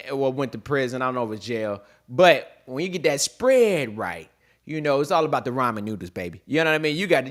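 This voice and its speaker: A man's voice: medium pitch, a bit bright. A young man hosting his own comedy podcast, riffing loosely in slang and laughing at his own jokes. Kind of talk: casual comedic monologue.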